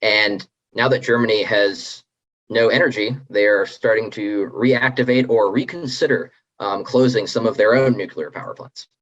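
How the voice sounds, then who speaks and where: A policy guest with a low, slightly husky male voice, answering interview questions at a measured pace. His audio is muffled and dull, like a remote call. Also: fairly even intonation. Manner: measured, explanatory, with fillers.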